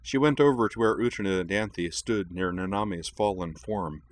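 Deep-voiced male audiobook narrator. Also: normal speed. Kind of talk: scripted narration of fiction.

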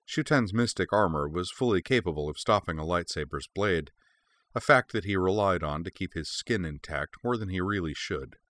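Deep-voiced man reading a story. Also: expressive, normal speed, fairly bright tone, no room sound. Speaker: narrator. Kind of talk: audiobook reading of fan fiction.

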